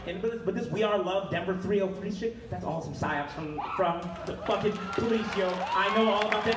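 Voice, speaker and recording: A young man giving an angry, profane speech at an outdoor protest, rising to shouts. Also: high-pitched, lively intonation, quick pace, few pauses, heavy background noise. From Wyoming, USA. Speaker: protest speaker. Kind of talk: impassioned rally speech. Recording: echoey outdoor PA from far off, loud crowd.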